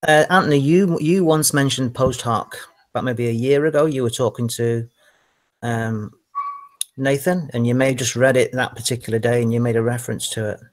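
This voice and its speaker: Brief: mid-pitched man, measured explainer, repeats words as he thinks. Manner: careful explaining, hesitant repeats. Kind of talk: casual online chat.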